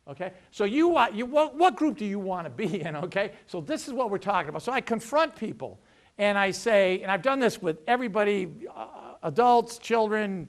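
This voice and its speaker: A middle-aged man giving an energetic career workshop talk, acting out dialogues and punchy sayings. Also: high-pitched. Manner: energetic, lively, acts out dialogues. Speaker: veterans' employment representative.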